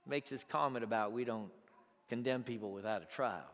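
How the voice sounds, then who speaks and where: A man preaching a sermon, moving between loud exclamations and quiet, conversational asides. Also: medium pitch, a little fast. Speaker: pastor. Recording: long reverb of a large hall.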